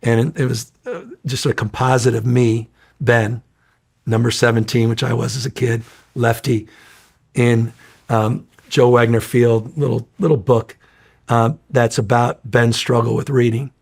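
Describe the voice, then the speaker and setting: A middle-aged man, an interview guest, telling profane, animated stories in casual chat and acting out the people he quotes. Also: mid-range voice, measured pace, creaky. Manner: profane, animated storyteller, acts out quoted voices loudly.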